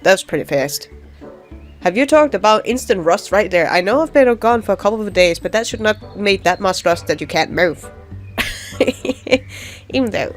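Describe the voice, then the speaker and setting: Brief: woman commentator for a game let's play, chatty and giggly, mid pitch, faint music behind. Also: lively intonation, moderate pace. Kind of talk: casual gameplay commentary.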